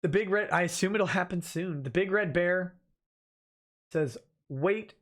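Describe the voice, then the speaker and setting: A man's voice: sits high, measured pace, fairly bright tone. Offhand man reading chat aloud. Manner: reads viewer comments aloud, then answers offhand. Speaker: livestream host reading chat. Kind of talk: casual livestream chat.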